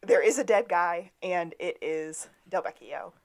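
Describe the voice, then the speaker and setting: A woman's voice: fairly low pitch, measured pace. A woman co-hosting a podcast, retelling an episode in casual chat and acting out the characters' lines. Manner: storytelling, acts out quotes. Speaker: podcast co-host.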